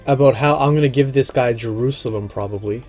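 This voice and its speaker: A man thinks aloud as he plays a strategy game on stream, talking half to himself with a mellow, relaxed voice. His sentences often sink low and trail away. Faint music and keyboard clicks sit underneath. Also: fairly quick, slightly rough. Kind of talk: casual thinking aloud while gaming.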